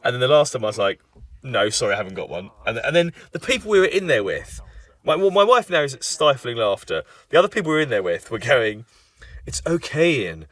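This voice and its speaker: An Englishman chatting through a film commentary, spinning an embarrassing story against himself. His pitch swings widely as he acts out the moments. The talk stays loose and conversational. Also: fast talker, recorded from a distance. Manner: self-deprecating anecdote telling, lively voice shifts. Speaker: film writer giving commentary.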